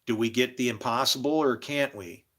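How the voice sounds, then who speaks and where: Bright-voiced man preaching in a rambling way. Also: mid-range voice, moderate pace. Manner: animated storyteller, acts out quoted voices. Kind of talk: rambling spiritual monologue.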